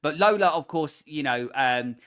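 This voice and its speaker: A man hosting a podcast, retelling a film in a rambling, animated way with lots of fillers. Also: fairly high pitch, moderate pace, smooth. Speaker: podcast host. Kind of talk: casual film discussion.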